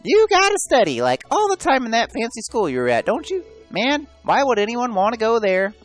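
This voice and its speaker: A man's voice: extremely high pitch, sing-song, fairly quick, soft background music, voice pushed up. A man doing a teasing young schoolboy. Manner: teasing, wildly swinging delivery.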